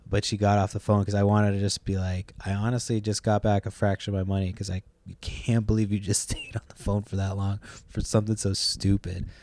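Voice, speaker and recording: A man's voice: fairly low pitch, little pitch movement, fairly quick, few pauses, darkish tone, a little hiss or hum. A young man hosting a podcast, telling a long story in a loose, rambling way, swearing freely and trailing off with "like" and "blah, blah". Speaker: podcast host.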